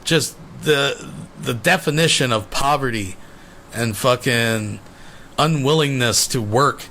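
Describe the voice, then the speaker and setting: A man's voice: mid-range voice, slow pace, pushed and bright, slight background noise. A man hosting a channel, delivering a scornful, profane commentary rant. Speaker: channel host.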